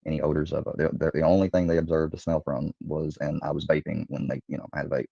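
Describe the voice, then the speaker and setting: A man's voice: very deep voice, little pitch movement, quick pace, vocal fry, mellow, husky, no room sound. A man hesitantly recounting events, with many ums and restarts, heard from a dull played clip.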